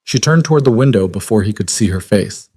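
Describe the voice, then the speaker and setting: A man narrating a scripted story in a calm, measured way. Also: on the low side, breathy edge, no room sound, studio quality.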